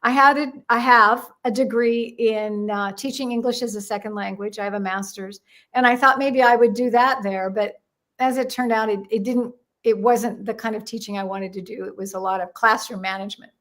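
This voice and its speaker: A woman's voice: fairly high pitch, normal speed. An older woman from the United States, a guest telling stories in an interview and acting out the voices in them. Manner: animated, acts out voices in her stories. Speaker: guest, numerologist. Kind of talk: storytelling in a chat interview.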